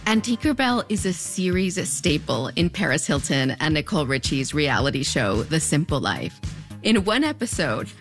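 A woman's voice: low-pitched, big pitch swings, moderate pace, soft background music. A woman in her thirties with a fronterizo border accent, narrating a scripted commentary with wry, playful asides. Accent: US-Mexico border (fronterizo). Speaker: video essayist.

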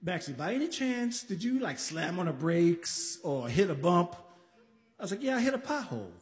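A man from the Bronx telling a story on a live stage, animated, acting out voices and shouting at times. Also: high voice, normal speed. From the Bronx, New York. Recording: live stage recording in a reverberant hall.

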